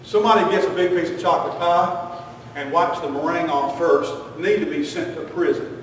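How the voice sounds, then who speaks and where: A man's voice: a little high, fairly quick, slight background noise. A man preaching a folksy, joking sermon full of homespun sayings. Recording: echoey hall, distant mic.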